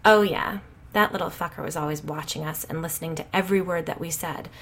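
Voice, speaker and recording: A woman's voice: sits low, slight background noise. A woman reading the part of a brash, foul-mouthed suburban mother who gossips bluntly. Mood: conspiratorial. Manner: blunt, swearing, rapid gossipy.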